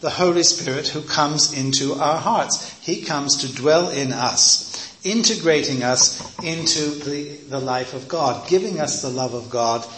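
A man's voice: a little high, measured pace, fairly bright tone, slight background noise. Chatty preacher man in a roomy echo. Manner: conversational, digressive, often says "you see". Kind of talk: teaching sermon with personal anecdote. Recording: roomy echo, faint ambience.

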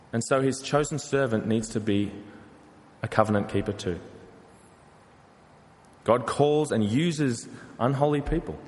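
A man delivers a sermon in an earnest preaching manner, asking his listeners rhetorical questions. His voice sits at an ordinary middle pitch. A long reverb trails behind him, as in a large hall.

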